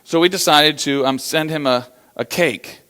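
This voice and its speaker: With a fairly high voice at a normal speed, a man from the USA gives a storytelling keynote on business motivation. He animates his stories by acting out quotes, and fillers come up often.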